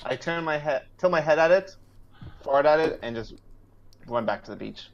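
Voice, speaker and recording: A man's voice: fairly high pitch, expressive, moderate pace. Playful male player on a dull line. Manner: playful, joking. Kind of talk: tabletop game play.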